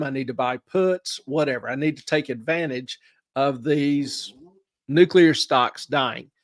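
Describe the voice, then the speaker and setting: A man's voice: on the high side, dry recording. A man hosting a money show, explaining investing in a folksy way by asking questions and answering them himself. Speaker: show host, investment adviser. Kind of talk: explaining investing in a studio chat.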